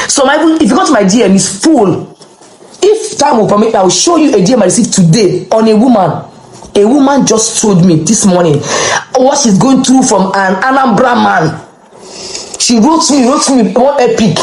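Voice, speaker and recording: A woman's voice: mid-range voice, darkish tone. Woman guest going off at her critics, repeats herself a lot, echoey room. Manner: impassioned, curses critics, repeats phrases. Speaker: interview guest. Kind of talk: emotional conversational interview.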